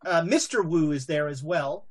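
A woman's voice: deep voice, normal speed. A woman narrating a tabletop game as game master, hesitant and full of fillers.

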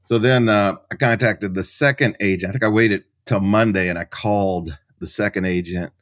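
A middle-aged man, a writer and professor, answering as a podcast guest in an animated storytelling way. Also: on the low side, normal speed. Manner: animated storyteller, acts out quoted voices.

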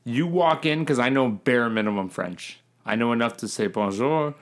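A man's voice: medium pitch, moderate pace. Male podcast co-host, mid-range voice, crude and joking. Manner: crude, joking, swears a lot. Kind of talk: casual podcast chat.

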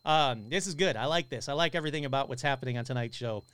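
A man hosting a live paranormal podcast, chatting casually and excitably as he reads out viewer comments, swearing now and then. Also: medium pitch, fast, smooth, dry recording.

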